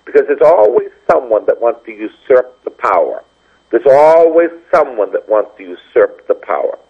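A priest gives a Bible teaching on the radio, telling stories animatedly and acting out the dialogue of the people he quotes. His medium-pitched voice is gravelly and slightly rough at a moderate pace, with a dull lo-fi radio sound.

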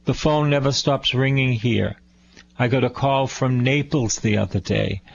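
Male radio priest, slow sermon, dull lo-fi sound, repeats key lines. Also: mid-range voice, vocal fry. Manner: unhurried, repeats phrases for emphasis.

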